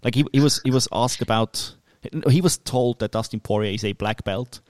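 A man co-hosting a casual podcast, talking in an animated way with lots of restarts. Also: mid-range voice, normal speed, no room sound. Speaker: podcast co-host.

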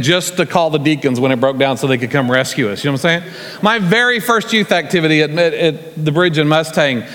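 A man preaching as a guest, telling folksy stories in a relaxed, conversational way and acting out the scenes. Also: a little high. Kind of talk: storytelling sermon. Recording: long reverb from a large church hall.

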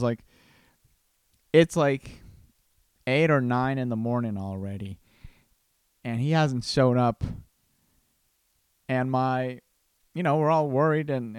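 A young man talks casually on his podcast, winding through a personal story with restarts and asides. His voice is smooth and resonant at a middle pitch. The sound is close and dry, with no room around it. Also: darkish tone, no echo. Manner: rambling, many restarts and laughs. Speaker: podcast host.

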